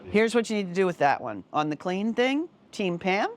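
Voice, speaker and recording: A woman's voice: mid-range voice, big pitch swings, moderate pace, a little hiss or hum. A woman co-hosting a podcast in a home basement, teasing and bantering playfully in casual chat. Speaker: podcast co-host.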